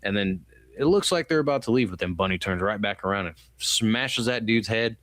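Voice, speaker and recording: Low-voiced man rambling about a film. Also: fairly quick, fairly bright tone, dry recording. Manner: rambling, loose and profane, acts out quotes. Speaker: podcast co-host. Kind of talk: casual movie review chat.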